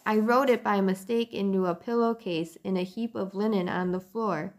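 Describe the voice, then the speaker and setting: A woman's voice: mid-range voice, fairly even intonation, normal speed, close to an everyday voice. A woman doing a sheepish little mouse. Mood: ashamed. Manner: hesitant, ashamed confessing. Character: small earnest young male mouse.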